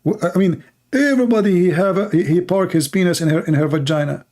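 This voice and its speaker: The host of this livestream is a Middle Eastern man with a high, darkish voice who talks fast. Speaking with a Middle Eastern accent, he offers mocking commentary in blunt broken English.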